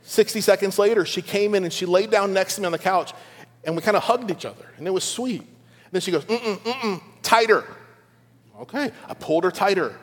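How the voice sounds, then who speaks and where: A man's voice: sits high, fast talker. A middle-aged man preaching a conversational sermon to his church, with playful asides to the congregation. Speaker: pastor. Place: large church auditorium. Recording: long church hall reverb.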